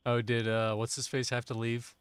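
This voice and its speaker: A male streamer chatting loosely and joking with friends as he plays. His voice sits in an ordinary middle pitch, recorded dry and close. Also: flat delivery, moderate pace, clean tone, dry recording. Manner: joking, playful. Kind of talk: casual chat while gaming.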